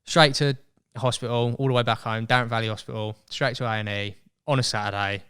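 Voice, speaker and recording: A young man telling a story as a podcast guest in casual chat, animated and acting out voices. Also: medium pitch, fairly quick, clear, resonant tone. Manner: chatty, animated, acts out quoted voices.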